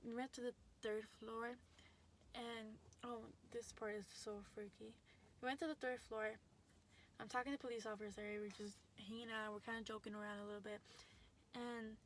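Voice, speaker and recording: A young adult woman vlogger with a fairly high voice tells a story casually, chatty and packed with "likes," fillers, and restarts. A little hiss or hum runs under the recording.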